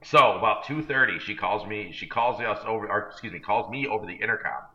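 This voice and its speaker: A man's voice: lowish voice, a little fast. A man co-hosting a podcast, telling a long self-deprecating story in a rambling, casual way. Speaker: podcast co-host. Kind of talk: casual chat. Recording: dull lo-fi recording.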